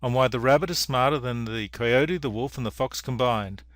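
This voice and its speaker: A man's voice: mid-range voice, moderate pace, fairly bright tone, no room sound, clean studio sound, natural voice. A man voicing a clever, scheming male rabbit in a told fable, insistent and pleading.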